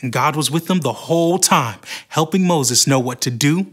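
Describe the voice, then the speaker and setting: A man narrating a Bible story on a children's show with expressive storytelling. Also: a little high, moderate pace, husky.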